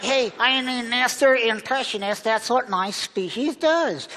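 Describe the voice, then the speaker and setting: A man's voice: very high-pitched, background noise. A man voicing a cocky wisecracking bird puppet. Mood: boastful. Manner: cocky, quick-witted banter. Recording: loud cheering crowd, stage.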